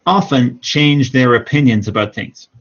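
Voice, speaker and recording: A man teaching English online, giving patient, encouraging feedback to students and repeating corrections slowly. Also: medium pitch. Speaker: English speaking teacher, former exam examiner. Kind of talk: live-streamed speaking feedback. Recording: dull lo-fi stream audio.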